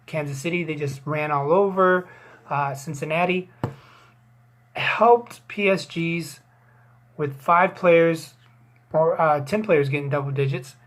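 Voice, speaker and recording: A woman hosting a fantasy football league recap, rambling and joking with crude asides and plenty of fillers. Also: fairly low pitch. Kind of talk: casual joking sports recap.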